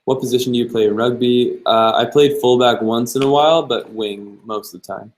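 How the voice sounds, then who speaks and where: A man's voice: medium pitch, fairly even intonation, fairly quick, low-quality recording. A young man hosting a live-stream Q&A, answering viewer questions in an easygoing way and thinking aloud as he goes. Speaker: travel vlogger host.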